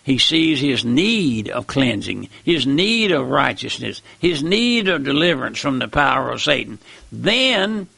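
Gravelly folksy preacher man. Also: medium pitch, big pitch swings, measured pace, pushed and bright, dry recording. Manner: folksy, repeats phrases, earnest. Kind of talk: sermon.

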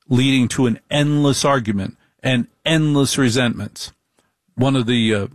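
A middle-aged man giving a comic monologue in a deliberate, repetitive, wry way. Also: mid-range voice, no room sound, studio quality.

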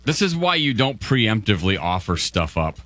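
Male co-host, bright forceful tone, dry close mic, blunt banter. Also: on the low side, very animated, moderate pace, dry recording. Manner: blunt, acts out dialogue. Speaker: radio show co-host. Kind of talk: casual radio banter.

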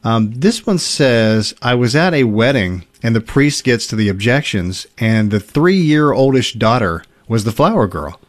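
Casual male host reading listener stories aloud, easygoing with chuckles, mid-pitched voice. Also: a little slow, few pauses. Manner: relaxed storytelling with fillers and chuckles.

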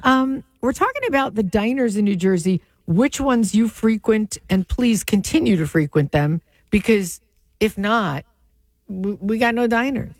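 Lively woman radio co-host. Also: medium pitch, no echo. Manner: lively, joking, quick to chime in. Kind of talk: casual radio call-in chat. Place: radio studio. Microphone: studio mic.

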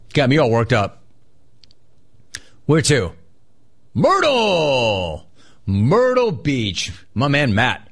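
A middle-aged man hosting a call-in radio show, chatting casually and riffing on his pet peeves. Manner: animated, mocks people in a high put-on voice.

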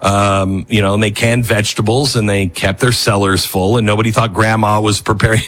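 A male talk radio host speaking in a rambling, self-mocking monologue, with sudden shouts and acted-out quotes. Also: lowish voice, a little fast, few pauses.

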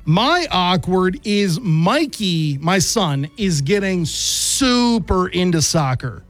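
A man's voice: high voice, very animated, takes it slowly, a bit bright, soft background music. A man co-hosting a sports talk show, a father chatting in an easygoing, agreeable way. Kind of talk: casual sports banter.

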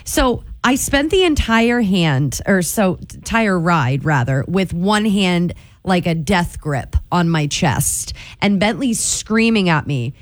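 Animated woman with a lively voice. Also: fairly low pitch, slow, dry recording, clean studio sound. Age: 40s. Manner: animated, laughing, playful. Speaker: radio morning show host. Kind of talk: casual storytelling chat.

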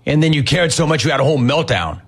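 A man's voice: on the high side, lively intonation, fast, slightly rough. A man hosting a sports talk show, ranting in a sarcastic, mocking, incredulous way. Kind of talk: opinionated sports rant.

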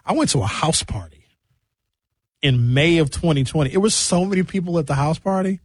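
A young man hosting a radio show, chatting casually with jokes and quick tangents. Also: on the high side, no echo. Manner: animated, jokey, jumps between tangents. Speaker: radio host.

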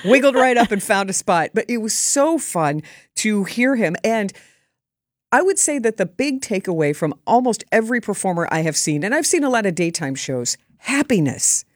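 Woman, on-air reporter, bubbly and chatty, mid pitch, dry studio sound. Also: moderate pace, no echo. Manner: chatty and enthusiastic, lively quoted voices. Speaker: radio or TV reporter. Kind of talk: casual on-air recap.

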